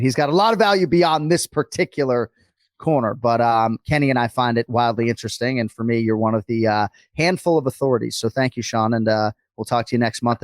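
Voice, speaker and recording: A man's voice: mid-range voice, no echo. Dry-voiced chatty male podcast host. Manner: energetic, talkative, quick asides. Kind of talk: casual chat.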